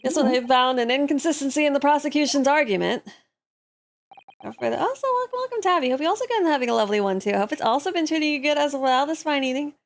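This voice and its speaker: A woman's voice: high voice, animated, fast. A woman streamer giving casual gaming commentary in a blunt, profane, joking way.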